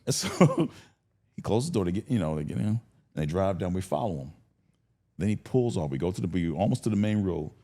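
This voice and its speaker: A man in his fifties from Cleveland tells stories with a low, deep voice whose pitch swings widely from line to line. He is animated and laughs easily, acting out the people he quotes as he goes. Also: brisk. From Cleveland, United States. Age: 50s. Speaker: guest. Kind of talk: storytelling in casual conversation.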